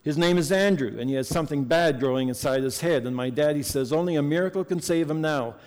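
Guy reading out a little girl begging for help, higher voice, big echoey hall. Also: fast talker, a little mellow, lightly acted. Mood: pleading. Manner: pleading, insistent. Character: earnest little girl pleading for her sick brother. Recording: long hall reverb.

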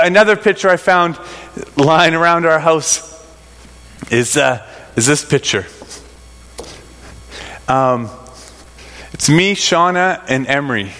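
Middle-aged male storyteller, animated and rambling, slightly high-pitched, with long hall reverb. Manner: animated, rambling storyteller with many fillers and restarts. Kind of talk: personal storytelling to an audience.

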